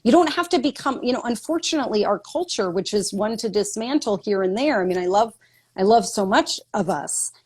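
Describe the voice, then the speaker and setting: A woman author talking over a remote video call, effusive and animated, words tumbling out with frequent laughter. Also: mid-range voice, fairly quick, husky. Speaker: guest author.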